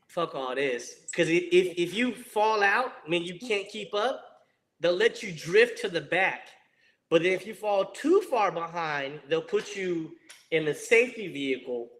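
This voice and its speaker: High-voiced man telling a profane story. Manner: profane, animated, laughing storyteller. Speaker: guest, former Marine. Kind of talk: casual storytelling.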